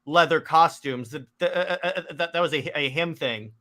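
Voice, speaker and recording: A young man co-hosts a casual movie review podcast in a fairly high, pushed and bright voice at a moderate pace. He's enthusiastic and rambling, often restarting his sentences.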